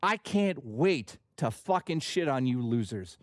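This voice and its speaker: A man's voice: medium pitch, sing-song, unhurried, no room sound, studio quality. A man hosting a live stream, ranting in a heated, profane, worked-up way. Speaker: streamer host.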